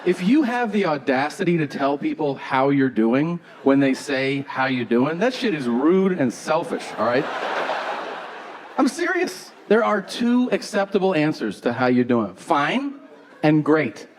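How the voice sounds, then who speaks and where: A man doing a stand-up comedy set on stage, telling stories in a deadpan way and acting out both sides of the dialogue. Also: fairly high pitch, measured pace. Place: theater stage before a live audience. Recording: live show with crowd noise. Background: audience laughter.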